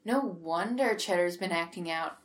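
A woman's voice: lowish voice, normal speed, natural voice. A woman reading a story aloud, voicing an eager, nosy male counselor who talks encouragingly.

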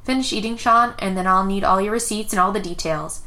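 Brief: sharp, commanding lawyer mom, read by a woman narrator, bright and quick. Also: mid-range voice, lightly acted. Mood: fierce. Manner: crisp, clipped, commanding. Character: fierce, brisk lawyer mother.

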